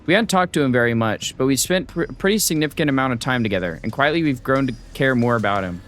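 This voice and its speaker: A man streaming a story game, reading the text aloud and reacting with excitable, swear-filled outbursts. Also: mid-range voice, fast, soft background music. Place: home streaming setup.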